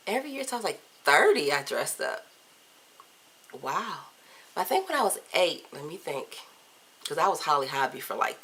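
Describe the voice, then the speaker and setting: A woman in her thirties from Virginia, chatting casually through a list of tag questions on a camcorder, candid and playful, often trailing off softly. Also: low voice. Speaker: vlogger. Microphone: camcorder mic.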